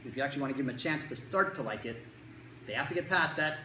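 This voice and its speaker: A clinician giving a talk to parents, acting out children and parents in quick put-on voices. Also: mid-range voice, echoey room, background noise. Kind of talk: talk to a live audience.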